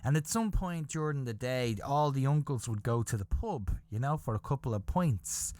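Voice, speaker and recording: An Irish man in his fifties hosting a podcast, telling a story in a rambling, animated way that keeps checking in with the listener. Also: mid-range voice, normal speed, dry recording, clean studio sound. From Ireland. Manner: rambling, animated, peppered with "okay?" and "you know?". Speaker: podcast host. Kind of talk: casual anecdotal storytelling.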